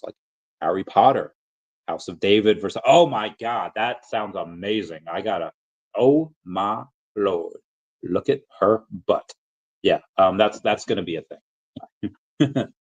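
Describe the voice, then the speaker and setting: A man with a fairly low voice hosts a casual livestream, reading chat comments aloud. He rambles in a loose, easygoing way, full of fillers and restarts, and now and then slips into silly voices. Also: animated, normal speed, low-quality recording.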